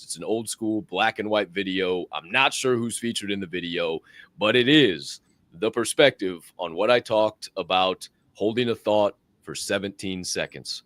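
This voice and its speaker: A man's voice: on the low side, fairly bright tone, no room sound. A man co-hosting a podcast in casual chat, emphatic and profane, hammering his points home. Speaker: podcast co-host.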